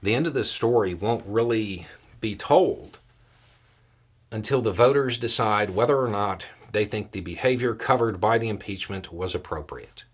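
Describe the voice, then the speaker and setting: A man as a guest analyst, explaining political outcomes in a steady, measured way. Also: on the low side.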